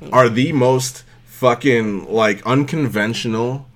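A man co-hosting a podcast, telling rambling, profane stories in casual chat that get loud and animated at the punchlines. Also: mid-range voice, slow. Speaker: podcast co-host.

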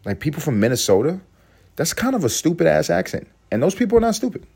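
A man's voice: a little high, big pitch swings, fast, vocal fry, a little mellow, husky. A man hosting a solo podcast, musing aloud in a profane, rambling way and laughing often. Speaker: podcast host.

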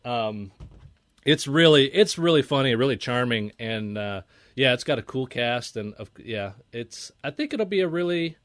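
A man in his thirties, an actor guest, talking casually with halting pauses and restarts. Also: medium pitch, expressive, fairly bright tone, dry recording. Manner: halting, many fillers and restarts. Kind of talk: casual chat.

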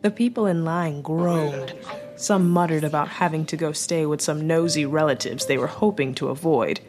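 A woman narrating an audiobook chapter in a measured storytelling manner. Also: low voice. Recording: faint music bed.

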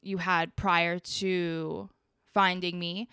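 A woman talks in a relaxed, chatty way, spinning personal stories with plenty of fillers and a lively lilt. Her voice is smooth and resonant, recorded close and dry with no room around it. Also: lowish voice, extremely slow, no echo. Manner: chatty, animated storytelling with frequent fillers. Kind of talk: casual chat.

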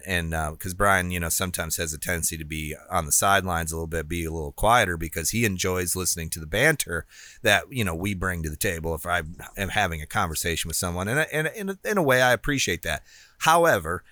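A man's voice: deep voice, animated, fast talker, sharp tone, no echo. A man co-hosting a podcast, talking earnestly in casual chat. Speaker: podcast co-host.

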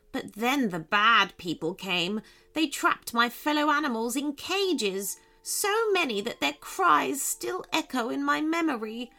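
Storybook: a woman as a small, kindly male lizard, slow and soft with a lively lilt. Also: fairly high pitch, heavily acted.

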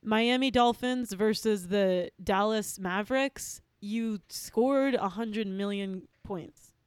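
A woman hosting a comedy game, excitable and gushing. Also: medium pitch, slow pace, clear, resonant tone, no room sound. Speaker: game host.

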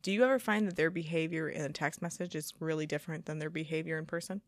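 A young woman co-hosting a casual chat podcast, chatty and teasing, quick to react to her friend. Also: low voice, no echo. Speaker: podcast co-host.

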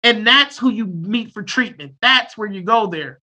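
Loud, blunt man with a bright voice. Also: sits high, expressive, normal speed. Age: 30s. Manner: loud and abrasive, blunt and joking. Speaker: therapist. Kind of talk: casual podcast conversation.

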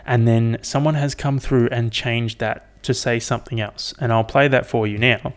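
A man's voice: medium pitch, steady tone, moderate pace. A young man hosting a casual solo podcast, rambling and swearing with lots of fillers. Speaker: podcast host.

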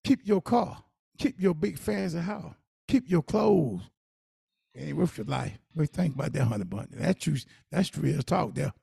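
A man's voice: fairly high pitch, animated, moderate pace, gravelly, mellow, slightly rough, no echo, clean studio sound. A man co-hosting a podcast, giving earnest, preachy advice in casual talk. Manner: earnest, preachy advice with Southern Black vernacular. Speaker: podcast co-host.

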